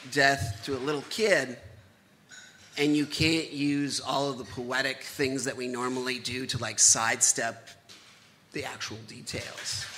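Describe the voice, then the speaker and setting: A man's voice: medium pitch, pushed and bright, a little hiss or hum. A man in his thirties telling a true personal story live on stage, candid and conversational with self-deprecating humor.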